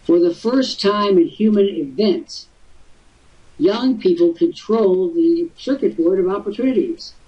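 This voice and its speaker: Older man host, husky and off-mic. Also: sits high, lively intonation, measured pace, dark tone, far from the mic. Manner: expansive storytelling, theatrical asides. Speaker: webcast talk show host. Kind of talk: casual live webcast talk. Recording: husky voice from off-mic, muffled lo-fi audio.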